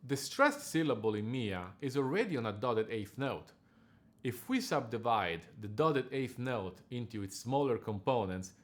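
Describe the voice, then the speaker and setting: Measured male diction coach. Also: mid-range voice. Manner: measured, precise explanations. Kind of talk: scripted instructional narration.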